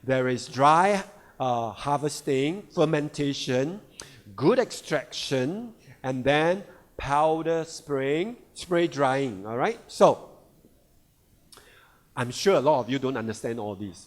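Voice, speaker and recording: A man's voice: medium pitch, animated. A man giving a sales seminar talk on a product, often asking the audience "right?" and "all right?". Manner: slow, repeats "all right" and rhetorical questions. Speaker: product presenter.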